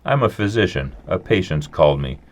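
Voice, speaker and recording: A man voicing a stubborn, folksy old country doctor who talks briskly and gruffly in a storybook reading. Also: sits low, lively intonation.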